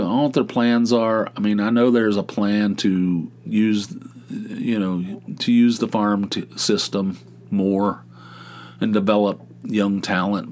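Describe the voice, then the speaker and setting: A man's voice: lowish voice, darkish tone. Rambling, wry man hosting a solo podcast. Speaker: podcast host. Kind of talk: casual solo monologue.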